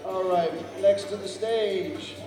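High-voiced man emceeing in an echoey hall. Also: slow pace. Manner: jokey, stumbles over contestants' names and asks the crowd for help. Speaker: cosplay contest emcee. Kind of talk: live event emceeing. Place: large convention hall. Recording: echoey hall, mic from far off, music and crowd behind. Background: music and a cheering crowd.

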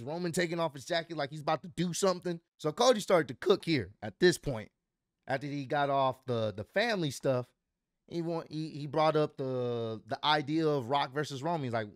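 A man with a high voice runs through the night's events in a casual vlog, slangy and excited as he retells each moment. The sound is dry and close, with no room around it. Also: normal speed, dry recording. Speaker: wrestling commentary vlogger.

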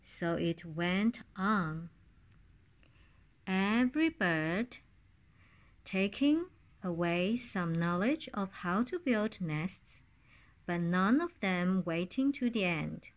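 Very slow woman reading a children's story. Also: on the low side. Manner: calm, unhurried storybook reading.

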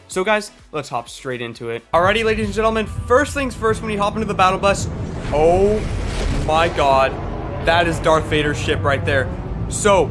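A young man giving hyped, exclamatory commentary over his own gameplay as a gaming video host. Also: on the high side. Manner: hyped, exclamatory, quick asides. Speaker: gaming YouTuber.

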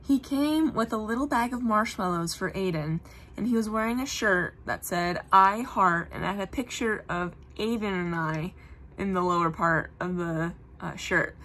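A woman's voice: medium pitch, moderate pace, a bit bright. Earnest young woman puppeteer. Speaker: puppeteer guest. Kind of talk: casual chat on a live web show.

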